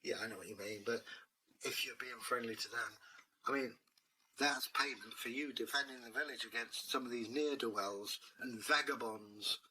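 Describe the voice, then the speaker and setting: A man's voice: medium pitch, normal speed, bright, forceful tone, slight background noise, low-quality recording. A man voicing Dave, a blunt, streetwise male cat who talks like a matey bloke. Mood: persuasive.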